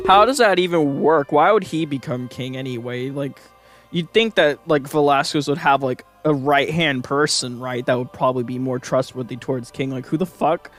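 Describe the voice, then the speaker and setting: A man's voice: mid-range voice, normal speed, over music. A man giving crude, joking let's-play commentary while reading through a visual novel. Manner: crude, joking, laughs often. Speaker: gamer playing a visual novel.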